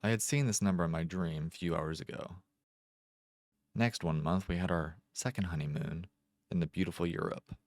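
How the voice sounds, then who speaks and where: A man narrates a first-person short story in a very deep voice. He reads at a measured, deliberate pace with careful pauses, recorded close and dry. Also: dry recording. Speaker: amateur narrator.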